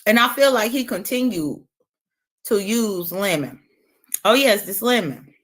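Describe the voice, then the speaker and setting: Her mid-range voice stays unhurried as this woman livestreamer eats a lemon on stream, trash-talking in a casual, brash, animated way full of taunts and curses.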